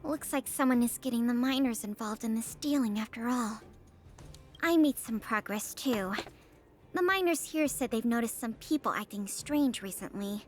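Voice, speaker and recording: A composed young intelligence officer in a video game delivers her reports in a crisp, measured way, voiced by a woman. Her voice sits a little high. Soft game music plays underneath. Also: lightly acted. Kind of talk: game voice acting.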